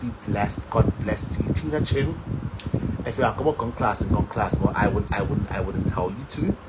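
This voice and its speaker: A man's voice: lowish voice, normal speed, very noisy. A man from Jamaica with a Jamaican accent, chatting casually and animatedly on a live stream, rambling and laughing between stories.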